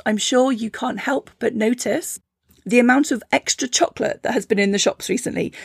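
Woman, host, reflective teaching talk, encouraging, playful, fairly high voice, dry close sound. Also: gravelly, no echo. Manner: gentle, encouraging, playful storytelling. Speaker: podcast host and spiritual teacher.

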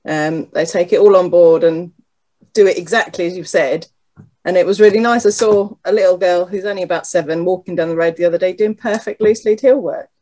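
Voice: mid-range voice, fairly even intonation, brisk, a little mellow. A dog trainer chatting agreeably and with some liveliness on a panel. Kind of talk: casual panel discussion.

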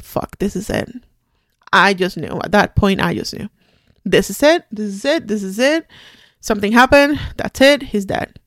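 A middle-aged woman hosting a podcast, telling a personal story in a halting, quiet, shaken way with many restarts. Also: medium pitch, dry recording, studio quality. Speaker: podcast host.

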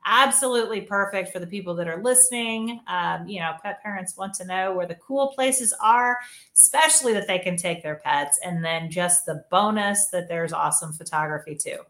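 A woman's voice: on the low side, normal speed, fairly bright tone, echoey room. A woman hosting a podcast, upbeat and affirming, chatting casually and laughing along with her guest. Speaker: podcast host. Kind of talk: casual interview chat.

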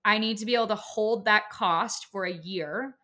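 Woman, thirties, business owner, bright tense tone, casual podcast chat, filler-heavy. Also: medium pitch, normal speed. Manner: chatty, frequent "like" fillers, emphatic. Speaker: business owner and course creator.

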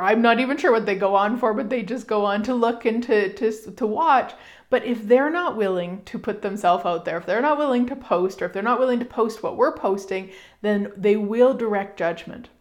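A middle-aged woman hosting a casual self-help talk, chatty and animated, with fillers and emphatic asides. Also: fairly high pitch. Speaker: podcast host.

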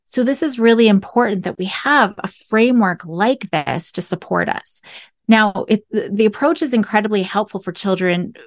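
A woman's voice: mid-range voice, moderate pace, dry recording, clean studio sound. A woman hosting a parenting podcast, explaining in an earnest way and often checking in with "right?" and "okay?". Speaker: podcast host.

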